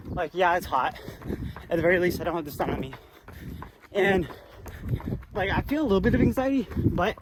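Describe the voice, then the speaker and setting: A man's voice: high voice, very noisy. A young man rambling and swearing in a casual vlog while running, a little out of breath, outdoors on a hilly public trail. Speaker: vlogger.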